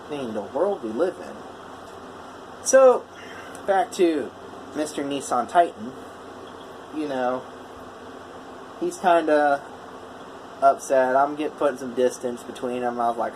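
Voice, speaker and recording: A man's voice: mid-range voice, moderate pace, long pauses, a little mellow, slight background noise, poor audio. Casual rambling man telling a story. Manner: rambling, full of "you know" and "I was like". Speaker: welder.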